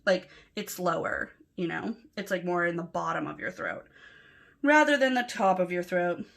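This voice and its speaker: A woman with a fairly low, creaky voice and a Los Angeles accent talks at a normal speed as she fills in her planner. She's a planner vlogger doing a casual plan-with-me chat, soft-spoken and chatty, rambling a little and using filler words.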